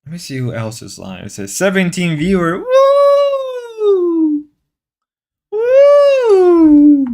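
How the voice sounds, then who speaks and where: A man's voice: a little high, big pitch swings, brisk, gravelly, few pauses. A man streaming live, chatting casually with viewers in a sarcastic, rambling way, repeating and restarting his phrases. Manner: sarcastic, mock-macho joking. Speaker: live streamer reading chat.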